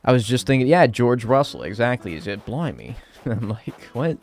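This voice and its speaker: A man's voice: mid-range voice, sing-song, moderate pace. An American man chatting casually on a live stream while playing a game, joking around and swearing freely.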